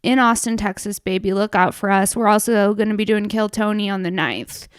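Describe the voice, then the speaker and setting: A young woman comedian hosting her own show in a casual, profane monologue, swinging between hushed asides and loud outbursts. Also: medium pitch, brisk, clear, resonant tone, no echo, studio quality.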